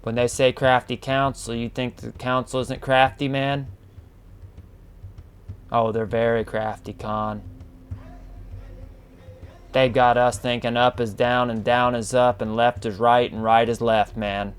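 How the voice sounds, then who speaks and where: A man's voice: medium pitch, level tone, clear, resonant tone. A man hosting a casual podcast monologue, reading definitions aloud and calling the listener man and bro. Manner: slow, drawn-out, addresses listener as man and bro. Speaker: podcast host.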